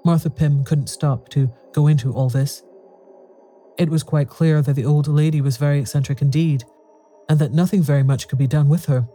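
A man narrating a ghost story in a measured storytelling manner. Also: on the high side, steady tone, dark tone, faint music behind.

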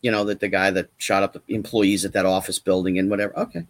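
A man's voice: deep voice, flat delivery, fast talker. A man talking as a guest in a casual chat, emphatic and repetitive, firing off rhetorical questions.

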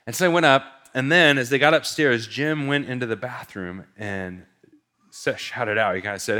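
Bright-voiced casual male preacher. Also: medium pitch, brisk. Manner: casual, conversational with fillers like man and right. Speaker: pastor. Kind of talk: sermon storytelling.

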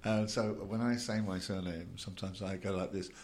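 A man with a fairly low voice talks casually in a group, relaxed and quick to laugh. His speech drifts along with loose fillers like "you know" and "uh". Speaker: discussion participant.

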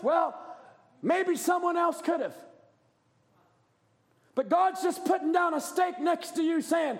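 Male preacher, fervent shouted sermon, very high pitch, gravelly fry. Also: takes it slowly, pauses often.

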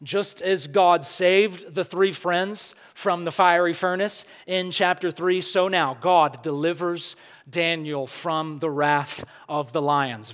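A high-pitched man preaching in a sermon, earnest and emphatic, pressing his point home with questions to the congregation. His voice carries through a long, ringing hall reverb, the kind a church sanctuary gives. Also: a bit bright. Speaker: pastor.

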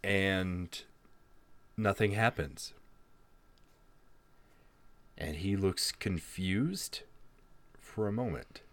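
A man narrating a tabletop horror game as game master, animated and laughing along. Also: deep voice, extremely slow, pauses often.

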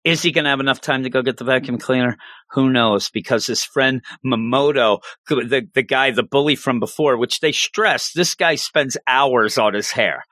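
A man's voice: mid-range voice, normal speed, dry recording. A man chatting casually as a co-host, recapping an episode with lots of laughter and acted-out quotes. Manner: animated, laughing, acts out quotes.

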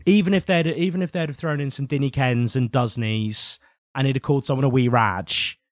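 A British man co-hosting a podcast, lively and opinionated, who isn't shy about swearing. His voice sits at an ordinary middle pitch and is recorded close and dry, with no room sound around it. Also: fairly quick, no room sound. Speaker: podcast co-host. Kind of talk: casual podcast chat.

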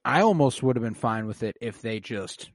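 A man chatting casually about a movie, relaxed and enthusiastic, swearing freely. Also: medium pitch, normal speed, dry recording, studio quality.

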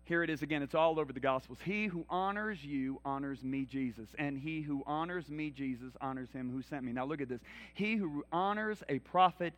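A man preaching a sermon in a church, telling Bible stories dramatically and acting out the voices, swinging from loud to hushed. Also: fairly high pitch, a little fast, big-room sound.

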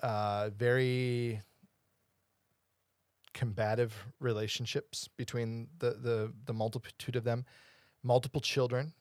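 A man's voice: mid-range voice, little pitch movement, slow pace, no room sound, studio quality. A man co-hosting a casual Bible study chat. He explains at length, wanders off topic and often asks whether the listener follows. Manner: explanatory, digressive, often asks "you know what I'm saying". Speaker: podcast co-host teaching the Bible.

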